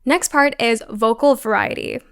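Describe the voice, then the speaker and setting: A young woman delivers scripted self-improvement advice in a fairly high voice. She coaches the listener directly and acts out the techniques she describes. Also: normal speed, a bit bright, clean tone.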